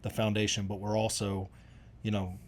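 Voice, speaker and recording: A man's voice: on the low side, completely flat delivery, moderate pace, a little hiss or hum. A middle-aged man, chatting casually and telling rambling, folksy stories with lots of restarts. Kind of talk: casual conversation.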